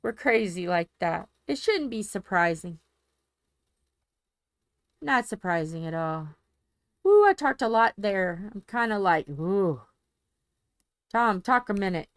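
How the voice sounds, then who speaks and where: A woman's voice: mid-range voice, expressive, takes it slowly, pauses often, dry recording. A woman chatting casually on a home live stream, rambling and joking and swearing freely.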